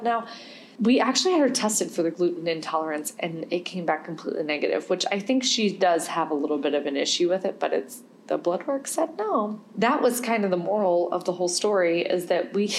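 A woman's voice: medium pitch, a little hiss or hum. A young woman hosting a podcast, telling a personal story in a candid, rambling way and laughing now and then. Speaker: podcast host.

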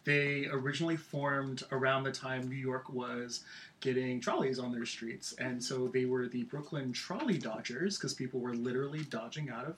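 A bright-voiced podcast co-host explaining a fun fact in a relaxed, easygoing manner. The voice sits back from the microphone with a faint hiss underneath. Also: mid-range voice, normal speed. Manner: shares fun facts in an easy explaining way. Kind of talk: casual chat about a movie. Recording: distant mic with faint noise.

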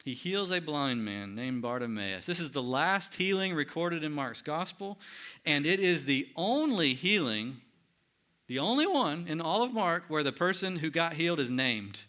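A man preaching a sermon, swinging between loud emphatic lines and hushed, quiet ones. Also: fairly high pitch, animated, normal speed. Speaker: pastor.

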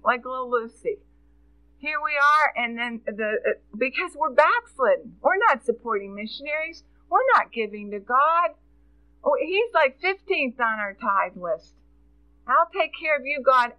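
Bright high-voiced woman preaching a sermon. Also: no room sound, low-quality recording. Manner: earnest storytelling, quoting scripture with feeling.

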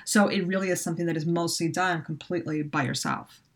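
A woman co-hosting a podcast, calmly explaining points from a book in casual chat. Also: fairly low pitch, quick pace. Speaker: podcast co-host.

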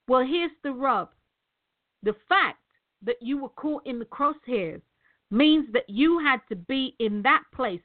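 Emphatic middle-aged woman, motivational speaker, high voice, repetitive, tinny phone-quality audio. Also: expressive, measured pace. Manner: emphatic, repeats words, addresses viewers as guys. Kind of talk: direct-to-camera motivational talk.

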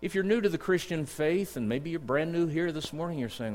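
A middle-aged man preaching a sermon in a church, earnest and storytelling, slowing down to read scripture. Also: a little high, expressive, a little mellow. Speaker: district superintendent preaching. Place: church sanctuary. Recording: long church reverb.

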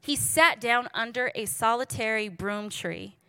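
A woman's voice: on the high side, unhurried, smooth, dry recording. A woman preaching in a casual, storytelling way, joking and talking straight to her listeners. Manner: lively, joking, addresses the audience directly.

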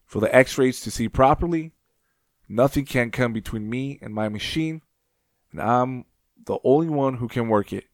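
A man's voice: medium pitch, no room sound, studio quality, natural voice. A man reading as a formal, nervous old doctor. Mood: formal, reassuring. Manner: reading journal excerpts aloud, measured. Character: nervous formal male doctor, older, thin.

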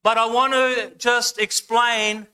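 Slow, bright-voiced preacher leading a sermon. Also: male voice, very high voice, flat delivery, clean tone. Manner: slow, emphatic preaching, leading the congregation to repeat words. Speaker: guest preacher. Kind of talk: sermon with congregation call-and-response. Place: church service, speaking over slides.

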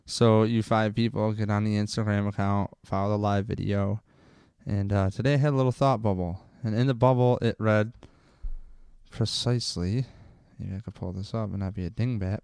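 Casual male podcast host, rambling sports rant, clear voice, dry close mic. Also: fairly low pitch, steady tone, normal speed, darkish tone, dry recording. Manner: rambling, gets fired up and swears. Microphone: close microphone.

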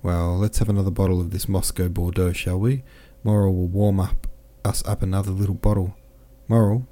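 A man's voice: low voice, little pitch movement, fairly quick, mellow, natural voice. A man voicing a cheerful, effusive French army captain who is talkative and friendly, in a read novel.

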